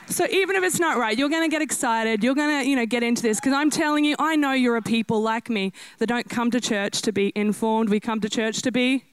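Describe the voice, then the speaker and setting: A woman preaching a lively, self-deprecating sermon to a church congregation. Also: sits high. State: out of breath. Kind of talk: energetic sermon.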